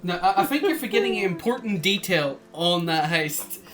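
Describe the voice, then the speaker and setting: Male co-host, hesitant and giggly, very lively pitch, faint music bed. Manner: hesitant, halting, with lots of fillers and giggles. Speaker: podcast co-host. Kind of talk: casual chat.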